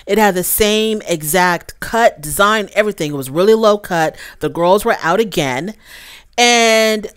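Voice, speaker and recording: A woman's voice: mid-range voice, a little slow, clean tone, no echo, studio quality. A woman hosting a casual recap of a reality show, chatting straight to her viewers and acting out what the cast said. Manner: chatty, addresses viewers as y'all, acts out quotes.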